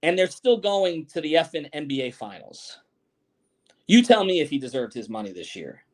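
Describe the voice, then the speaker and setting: Man, middle-aged, sports podcast host, slightly high voice, blunt, profane. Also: big pitch swings, darkish tone. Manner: blunt, profane, fast storytelling. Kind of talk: postgame show chat.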